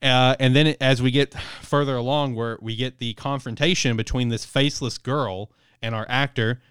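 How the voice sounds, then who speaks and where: Brief: laid-back male podcaster, rambling and cussing, smooth mid-pitched voice. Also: fairly even intonation, normal speed, a bit bright, no room sound, studio quality. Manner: rambling, filler-heavy, swears freely. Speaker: podcast co-host. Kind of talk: casual chat reviewing a manga.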